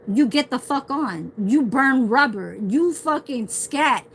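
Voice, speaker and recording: A woman's voice: high-pitched, expressive, slow pace, a little hiss or hum, rough recording. A woman ranting casually on a livestream, swearing heavily as she tells a rambling story.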